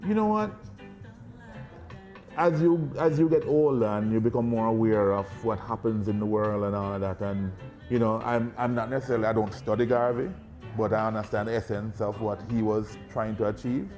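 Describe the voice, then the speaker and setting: A man talking casually as an interview guest, relaxed, full of fillers, and quick to laugh. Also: on the low side, faint music behind.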